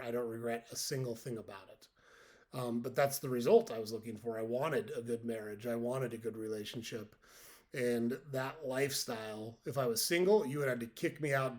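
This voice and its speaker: Earnest man in his fifties hosting. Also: medium pitch. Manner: earnest, direct, repeats key points. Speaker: podcast host. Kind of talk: motivational monologue.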